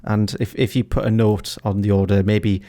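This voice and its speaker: A man's voice: lowish voice, normal speed. A man co-hosting a comedy podcast, reading donor names and plugging merch with laughter. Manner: animated, laughing, reads donor names loudly. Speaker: podcast co-host. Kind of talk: casual podcast banter.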